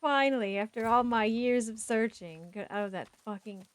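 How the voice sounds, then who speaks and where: A middle-aged woman streaming a video game, chatting excitably and swearing freely as she plays. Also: fairly high pitch, normal speed, no echo. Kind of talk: casual game-streaming commentary.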